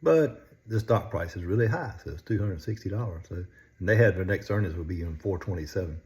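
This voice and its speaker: An older man with a drawl talks through stocks in a folksy, easygoing way. He chuckles often between phrases. His pitch rises and falls a lot as he talks. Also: expressive, fairly quick, darkish tone. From North Carolina, US. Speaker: stock market vlogger. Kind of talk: casual stock chat.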